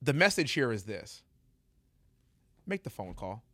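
A man telling an animated story in casual podcast chat, laughing often and stumbling over his words. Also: mid-range voice, unhurried, dry recording.

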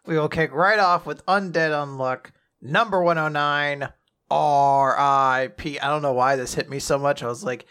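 A young man co-hosting a casual manga recap, animated, often laughing and acting out quoted lines. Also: a little high, moderate pace, smooth. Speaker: podcast co-host.

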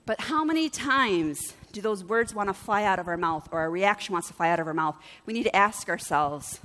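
A woman's voice: mid-range voice, expressive, fairly quick, hardly any pauses, pushed and bright, big-room sound. A middle-aged woman pastor preaching in a chatty, conversational way, telling a personal story and asking her congregation questions. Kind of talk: sermon with personal stories.

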